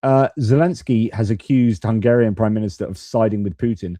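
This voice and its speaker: Dark-voiced man commenting live. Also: lowish voice, a little fast, no echo. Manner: loose, off-the-cuff talk with restarts. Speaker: host. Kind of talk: live-stream political commentary.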